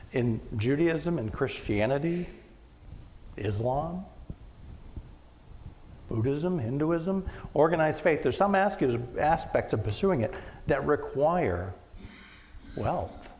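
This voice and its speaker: A male pastor giving a conversational sermon, now and then acting out loud shouted quotes. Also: on the high side, lively intonation, takes it slowly, pauses often. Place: church sanctuary. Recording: long church reverb, faint room noise.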